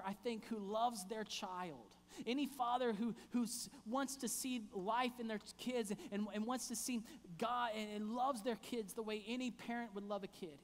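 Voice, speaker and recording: A man's voice: high voice, a little hiss or hum. Man preaching in an echoing church. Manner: impassioned preaching with emphatic pauses and repeated phrases. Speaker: pastor. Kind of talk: sermon. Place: church sanctuary.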